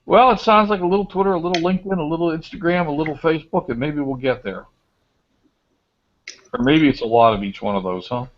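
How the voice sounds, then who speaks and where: A man's voice: a little high, fast, lo-fi sound. A man hosting a small online group chat, talking in an easygoing, chatty way with restarts. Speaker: group host.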